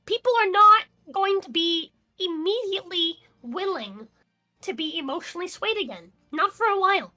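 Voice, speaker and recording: A high-voiced woman co-hosts a casual political news chat, ranting heatedly with plenty of swearing and restarts. Her voice is bright and sharp, and faint music plays behind her. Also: expressive, normal speed. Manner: heated and profane, with many restarts. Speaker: co-host of a news talk stream.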